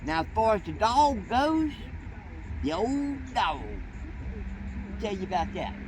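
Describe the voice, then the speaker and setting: A man's voice: high voice, very animated, slow pace. A man telling a rambling story in folksy, profane, colloquial speech, as a train-hopping vlogger. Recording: noisy outdoor street recording.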